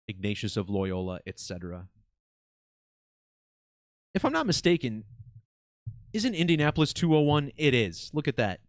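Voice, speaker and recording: A man hosting his own video channel, talking casually and excitedly to viewers, swearing now and then. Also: lowish voice, dry recording, studio quality. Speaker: video host.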